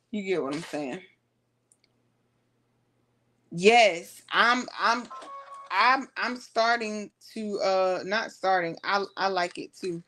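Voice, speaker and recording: A woman takes her time, talking at an unhurried pace. She chats casually to her viewers while she sews. Her tone is loose and conversational, and she stops now and then to check on her project. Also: mid-range voice, slight background noise. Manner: chatty, talks to viewers while working. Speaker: sewing vlogger. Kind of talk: casual sewing tutorial.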